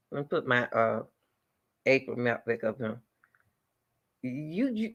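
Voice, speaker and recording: A man doing live reaction commentary on a video, animated and talking straight to his chat. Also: a little high, normal speed. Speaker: commentary streamer.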